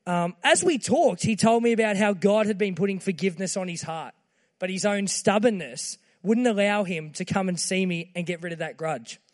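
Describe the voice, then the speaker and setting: A man's voice: high-pitched, normal speed, big-room sound. A man giving a short, earnest sermon, retelling scripture in casual words.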